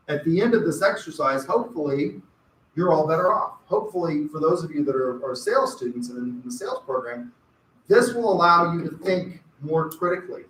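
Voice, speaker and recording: A man's voice: fairly high pitch, a bit bright. A male college lecturer giving a conversational classroom lecture with wry, rambling asides. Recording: echoey classroom from far off, faint hiss.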